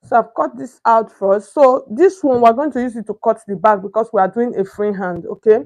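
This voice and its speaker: A woman's voice: a little high, brisk, a little mellow. Young nigerian woman showing how to cut fabric, keeps asking can you see, chatty. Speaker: sewing instructor. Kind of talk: step-by-step tutorial.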